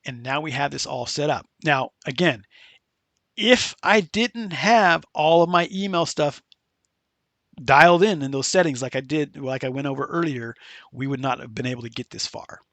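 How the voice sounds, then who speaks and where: Man, gravelly bright voice, chatty tutorial host, dry close recording. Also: on the high side, moderate pace, no room sound. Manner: chatty, loose, with many fillers and restarts. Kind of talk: casual screen-share software tutorial.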